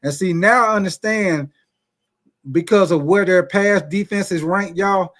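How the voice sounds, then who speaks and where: A man hosting a casual sports livestream, talking to his chat in a relaxed, chatty way. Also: high-pitched, unhurried. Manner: chatty, laid-back, speaks to the chat. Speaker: sports show host.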